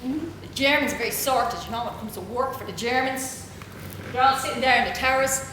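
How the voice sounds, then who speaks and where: A middle-aged woman lectures with lively, self-mocking humor and slips into the voices of the people in her stories. Her voice sits a little high. The recording comes from a very echoey auditorium, with room noise clearly audible underneath. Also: fairly quick. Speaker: university lecturer. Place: university auditorium.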